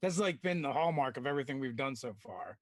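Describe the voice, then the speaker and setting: A man playing in a tabletop game, lively and joking with the group. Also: medium pitch, fast, no echo, studio quality. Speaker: player. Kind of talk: casual play chat.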